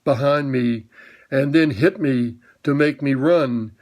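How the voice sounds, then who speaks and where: A man voicing a gentle talking horse who speaks slowly and thoughtfully, as if half remembering a dream. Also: medium pitch, lightly acted. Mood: musing. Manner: slow, thoughtful, muddled. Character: slow, gentle old cab horse.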